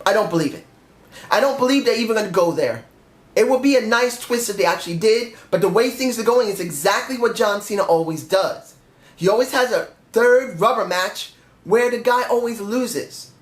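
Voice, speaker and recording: A man with a high voice reviews a wrestling show alone, ranting in frustration and pausing to correct his own slips. His intonation is lively and his pace moderate, recorded in an echoey room.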